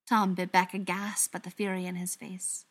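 Woman reading in a calm narration. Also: lowish voice, moderate pace. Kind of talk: scripted narration.

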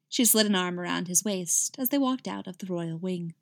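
A woman's voice: lowish voice, normal speed, gravelly, no echo, clean studio sound. A woman reading a story aloud, then chatting with many fillers about it. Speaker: story reader.

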